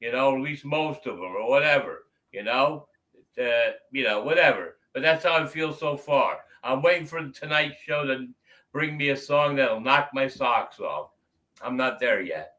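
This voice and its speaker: A man's voice: medium pitch, expressive, normal speed, sharp tone, rough recording. A man co-hosting a music reaction show, giving blunt, swear-filled opinions in casual banter. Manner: blunt, swears freely, hedges with "you know".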